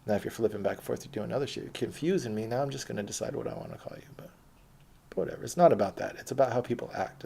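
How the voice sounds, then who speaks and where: A man's voice: mid-range voice, mellow. A man reads his old posts aloud and comments on them in a rambling, blunt and profane way. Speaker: former protester recounting his past.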